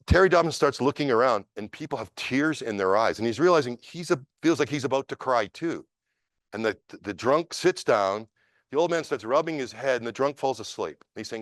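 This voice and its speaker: A man teaching at a martial arts seminar tells a story in an animated, emphatic way. His voice sits in a middle pitch for a man. The recording is dry and close, with little room echo. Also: a little fast.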